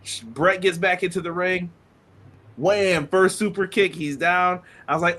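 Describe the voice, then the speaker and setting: A man in his thirties co-hosting a casual wrestling podcast, telling animated stories and acting out quotes. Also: high-pitched, normal speed. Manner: animated storyteller, acts out quotes. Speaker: podcast co-host.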